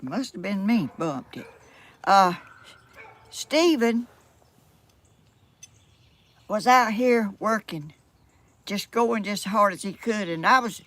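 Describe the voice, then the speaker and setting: A woman's voice: medium pitch, sharp tone, no room sound. An older woman from Georgia with a Southern accent, chatting in a folksy, rambling way to her camera at home. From Georgia, USA. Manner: folksy, rambling, exclaims often. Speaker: vlogger. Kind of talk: casual chat to camera. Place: at home by a yard.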